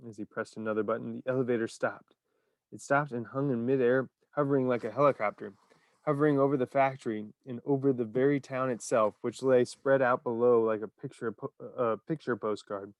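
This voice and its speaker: A man narrating a children's story in an expressive, animated reading. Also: medium pitch, fairly quick, dry recording, studio quality.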